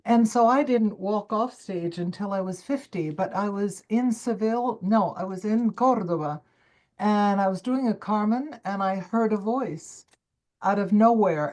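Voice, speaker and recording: An older woman, a coach and former stage performer, telling her life story in an interview with emphatic, expressive delivery and quoted self-talk. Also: mid-range voice, normal speed. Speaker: summit guest speaker, coach.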